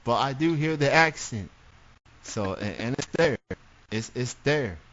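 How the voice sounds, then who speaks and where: A man's voice: mid-range voice, animated, a little slow, a bit bright, highs cut off. A man from the southern United States co-hosting a radio show, chatting casually, often restarting and repeating words. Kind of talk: casual banter.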